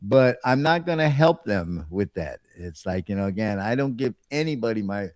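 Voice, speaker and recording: A man's voice: lowish voice, animated, normal speed, no room sound. An older man co-hosting a podcast in easygoing casual chat, full of fillers. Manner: easygoing, filler-heavy talk with chuckles. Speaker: podcast co-host.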